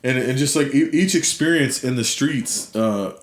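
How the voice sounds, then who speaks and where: A middle-aged man earnestly retelling a personal story as an interview guest, animated one moment and low and quiet the next. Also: moderate pace. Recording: roomy echo.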